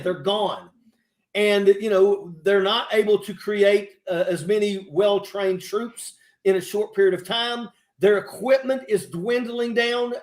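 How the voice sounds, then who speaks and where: A man co-hosting a casual chat, talking earnestly and stumbling over repeated phrases. His voice is high for a man. The recording has a roomy echo. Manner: earnest, hesitant, repeats himself.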